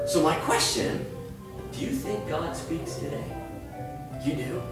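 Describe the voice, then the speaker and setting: Woman, slightly low voice, teasing interviewer of children, boomy echo, music behind. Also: very animated, measured pace, vocal fry. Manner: playful, teasing, exclaiming. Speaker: interviewer asking children questions. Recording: echoey room from far off, music behind.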